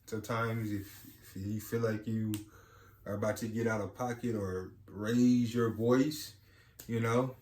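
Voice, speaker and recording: Low-voiced man in an echoey room. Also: fairly even intonation, measured pace, darkish tone. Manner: rambling, many "you know"s. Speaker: podcast co-host. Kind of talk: casual chat. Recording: echoey room with faint ambience.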